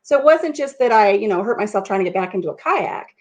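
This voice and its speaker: Woman vlogger, casual storyteller, mid-pitched, laughing and self-deprecating, salty language. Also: lively intonation, fast.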